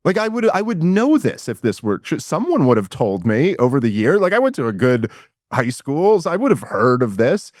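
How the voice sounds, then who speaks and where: A man's voice: mid-range voice, no room sound, clean studio sound. A man, telling a story in a casual podcast interview and acting out the people he quotes. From New York City. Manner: animated retelling, quoting others and himself in quick asides. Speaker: guest.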